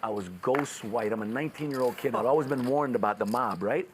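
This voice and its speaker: At a casino poker table, a man tells a long story, acting out other people's voices and swearing freely, while a noisy casino crowd surrounds the table. He speaks briskly at a medium pitch.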